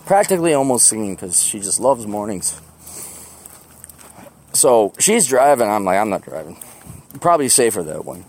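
Pitch swinging widely, this man speaks in a fairly low, darkish voice at a moderate pace and pauses often. As a podcast host walking outdoors to the bus, he rambles casually, laughs a lot and runs himself down.

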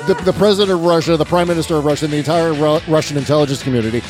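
A man's voice: a little high, racing, music in the background. A man hosting a casual political talk show. He rambles, laughs often and acts out mock quotes. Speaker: podcast host.

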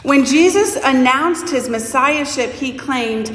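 A woman preacher giving a sermon, telling the story slowly and expressively and voicing the people in it. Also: fairly high pitch. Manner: slow, expressive storytelling with voiced quotes. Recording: echoey church hall with long reverb.

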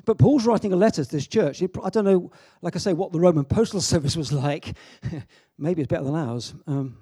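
Chatty preacher, mellow dry voice. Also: male voice, fairly high pitch, a little fast, breathy edge, dry recording. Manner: chatty, joking asides, many restarts. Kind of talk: informal sermon to a youth audience.

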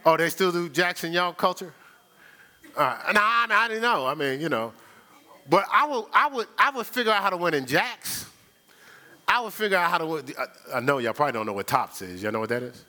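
Older male pastor, fairly high voice, animated story-driven sermon, speaks straight to the pews. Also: fairly quick. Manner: animated storytelling, sound effects and laughter; conversational, addresses the congregation directly.

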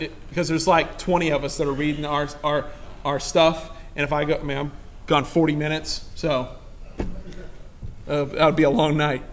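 A male pastor preaching with a high, bright voice. He talks off the cuff and laughs at himself, then climbs into loud, excited praise. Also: a little hiss or hum. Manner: excitable, swings from soft asides to shouting praise. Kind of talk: sermon.

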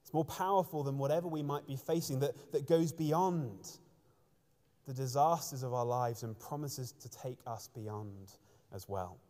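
Earnest preacher in a reverberant church. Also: male voice, mid-range voice, a little slow, warm tone. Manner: earnest, storytelling with restarts. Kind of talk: sermon.

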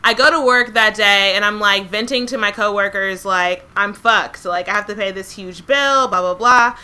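A young woman co-hosting a podcast, telling a story in a casual, animated way with a lot of swearing. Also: medium pitch, moderate pace, smooth. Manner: animated, profane, laughs often. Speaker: podcast co-host.

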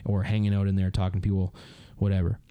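A man's voice: low voice, completely flat delivery, fast, mellow, clean tone, dry recording. A Canadian man in his thirties hosting a podcast, telling a rambling story with lots of fillers in a casual chat. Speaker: podcast host.

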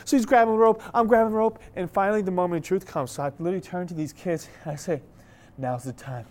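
A man's voice: sits high, very fast. Young guy pastor preaching, fun storyteller, kinda out of breath, acts stuff out. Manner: animated, playful storyteller acting out scenes. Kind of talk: sermon with storytelling.

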